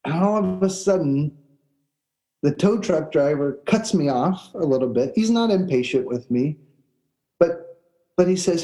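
A pastor delivers his sermon in a fairly high yet mellow voice. He tells a personal story in an earnest, searching way, often doubling back on his words. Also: expressive, takes it slowly, long pauses, rough recording. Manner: storytelling, earnest with repeated restarts.

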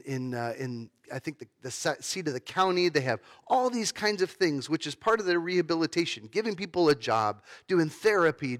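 A man's voice: fairly high pitch, a bit bright. A man giving a sermon as pastor, talking in a conversational way with fillers and restarts.

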